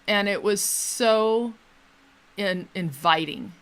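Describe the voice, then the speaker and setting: A speaker on a church conference panel, talking earnestly and warmly affirming what the others say. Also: medium pitch, takes it slowly, clean tone. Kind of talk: casual conversation.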